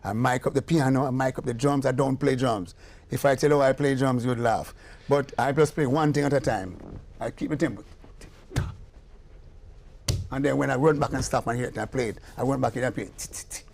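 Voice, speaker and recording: A man's voice: mid-range voice, moderate pace, vocal fry, long pauses, a little hiss or hum. An older man with a Jamaican accent, a musician telling stories in a casual interview, acting out the voices in his tales. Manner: animated storyteller, acts out quoted dialogue. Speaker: guest musician and producer.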